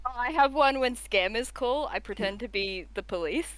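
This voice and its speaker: A woman chatting casually with friends as a tabletop game player, animated and playful. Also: on the high side, normal speed, low-quality recording. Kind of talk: casual chat.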